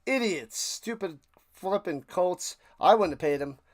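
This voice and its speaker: A man's voice: high voice, lively intonation, unhurried. A man hosting a live game watch party stream, calling plays and ranting sarcastically to his chat. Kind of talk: live play-by-play and casual rant.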